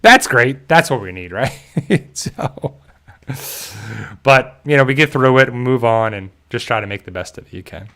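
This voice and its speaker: A man chatting casually as a stream host, moving from one comment to the next in a loose, rambling way. He jokes often and breaks into easy chuckles, at an ordinary middle pitch for a man. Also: lively intonation, normal speed, a bit bright. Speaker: channel host reading viewer chat. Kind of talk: casual livestream chat.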